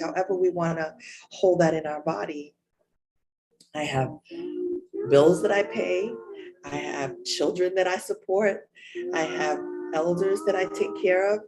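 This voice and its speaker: A woman's voice: lowish voice, rough recording. A woman preaching a raw, emotional sermon, candid and searching for words. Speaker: spiritual leader. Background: music.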